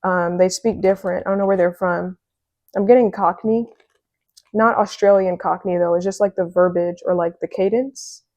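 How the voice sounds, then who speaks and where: A woman giving a casual, excitable tarot reading, chatty and full of fillers. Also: on the low side, normal speed, no room sound. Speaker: tarot reader.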